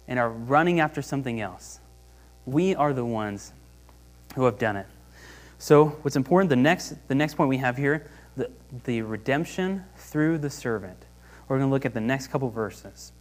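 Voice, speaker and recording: Young male pastor, mid-range voice, casual sermon delivery with frequent restarts and rising emphasis. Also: mid-range voice. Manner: conversational, many restarts, rises in emphasis.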